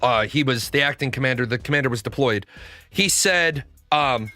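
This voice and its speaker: A man's voice: mid-range voice, moderate pace, sharp tone, no echo, soft background music. A man livestreaming in casual chat, telling rambling anecdotes with swearing and reading out questions. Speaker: live streamer.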